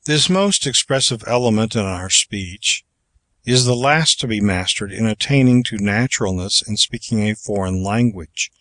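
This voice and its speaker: A man giving a measured, even scripted narration of a public speaking manual, as an audiobook narrator. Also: fairly low pitch, dry recording.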